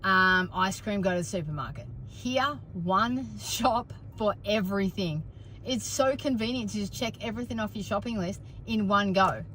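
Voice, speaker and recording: A woman's voice: medium pitch, normal speed, a bit bright, a little hiss or hum. An enthusiastic, talkative Australian woman chatting casually to camera.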